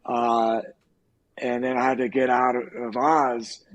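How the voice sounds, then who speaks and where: A middle-aged man, an actor on a podcast, casually telling profane, animated stories and acting out quoted lines. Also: mid-range voice, a little slow, highs cut off. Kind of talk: casual storytelling.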